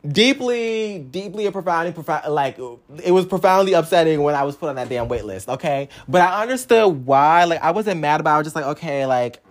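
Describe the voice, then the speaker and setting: A young man tells his own story in a casual, sassy monologue, swearing freely. His delivery swings between loud outbursts and low mutters.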